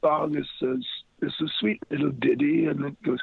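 Gravelly older man on a tinny line. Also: fairly high pitch, steady tone, moderate pace, dry recording. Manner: rambling anecdotes with many fillers and restarts. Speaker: interview guest. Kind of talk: storytelling in an interview. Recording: phone-like lo-fi line.

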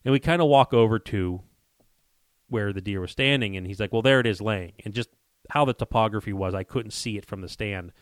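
A man's voice: lowish voice, a little fast, no room sound, studio quality. A man telling a story in casual conversation, acting out quoted dialogue with frequent restarts and repeated words. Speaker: guest telling a hunting story.

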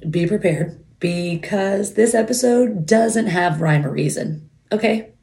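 A woman's voice: medium pitch, unhurried, creaky, darkish tone. A woman in her thirties hosting a podcast from home, chatting casually in a rambling, giggly way into a microphone while wearing headphones. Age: 30s. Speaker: podcast host. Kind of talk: casual chat.

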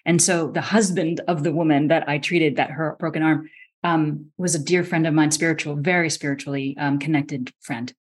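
A middle-aged woman tells a story in a podcast interview, her voice sitting on the low side. She talks with lively energy, jumps up to act out the people she quotes, and often restarts her sentences. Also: normal speed, slightly rough. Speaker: osteopathic physician guest.

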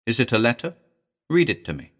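A frail old blind beggar woman, timid and bitter, her voice pitched high and thin as she whimpers and pleads, put on by a male storybook narrator. She sounds lost and small. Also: sing-song, a little fast, fairly bright tone. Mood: drowsy, wistful.

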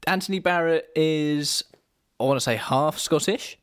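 A man co-hosting a casual podcast, chatty and playful, quick to laugh. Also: on the high side, smooth. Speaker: podcast co-host.

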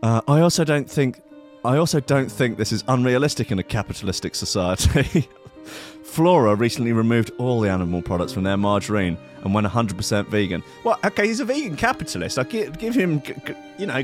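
A man hosting his own radio show in a sweary, sarcastic rant, switching between mock outrage and dry asides. His voice sits at an ordinary middle pitch for a man. Faint music plays underneath. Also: sing-song, a little fast. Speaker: radio host. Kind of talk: ranting talk radio.

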